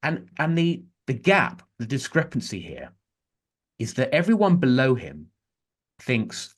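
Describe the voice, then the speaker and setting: A middle-aged man, a journalist guest on a podcast who tells animated stories and restarts his sentences often. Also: mid-range voice, moderate pace, breathy edge. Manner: animated storyteller, frequent restarts. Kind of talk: conversational interview.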